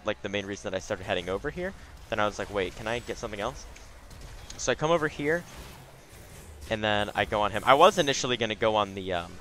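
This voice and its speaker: A man's voice: fairly low pitch, pushed and bright, a little hiss or hum. A young man giving casual, chatty commentary over his own gameplay, with frequent asides.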